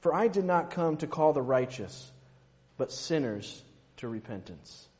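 A man preaching a sermon, slow and emphatic, dropping to a hush on key words. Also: fairly high pitch, expressive. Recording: muffled, long hall reverb.

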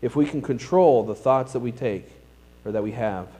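A man's voice: medium pitch, normal speed, dark tone, low-quality recording. A male pastor preaching a sermon in a plain-spoken, self-deprecating storytelling manner.

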